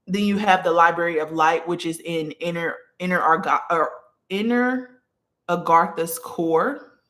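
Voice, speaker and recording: A spiritual teacher runs a live stream from a small room where incense and a candle are burning, teaching casually from notes. The voice is medium in pitch, a little slow, pushed and bright. They often ask "okay?" and greet viewers partway through the lesson.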